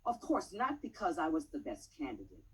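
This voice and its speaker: A woman giving a dramatic poetry recitation at a public meeting, measured, with pointed pauses and rising emphasis. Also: low voice, wildly swooping pitch, darkish tone, husky, poor audio.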